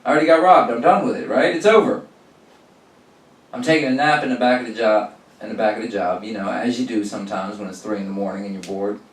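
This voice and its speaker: A young adult man doing profane, animated stand-up storytelling and acting out the people in his stories. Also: lowish voice, fast. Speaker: stand-up comedian. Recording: roomy sound from a distance.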